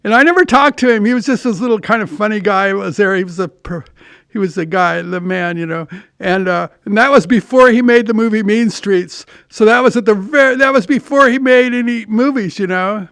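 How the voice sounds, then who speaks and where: An older man hosting his own podcast tells loose, rambling stories full of restarts and the odd curse. His high voice is smooth and clear, a little fast, with a fairly bright tone. The recording is dry and close, with no room sound at all.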